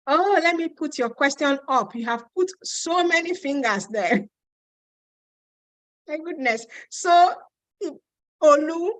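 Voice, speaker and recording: Nigerian woman with a Yoruba accent, live webinar host, high voice, chatty and emphatic, dry close sound. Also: bright, forceful tone, no room sound, poor audio. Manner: chatty and emphatic, repeats points, answers questions with quick asides. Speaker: host answering viewer questions. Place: home in Ontario.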